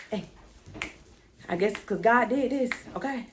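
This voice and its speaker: A woman's voice: on the high side, expressive, normal speed, background noise. A young woman, talking straight to her viewers in a chatty, emotional home vlog. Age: young adult. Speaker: vlogger. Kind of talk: casual vlog unboxing.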